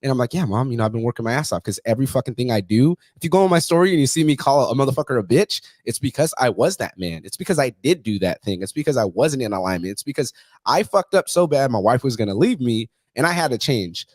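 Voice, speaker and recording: A man's voice: mid-range voice, expressive, fast, a little mellow, no room sound. A man in his thirties talking bluntly and profanely about his family in a casual conversation.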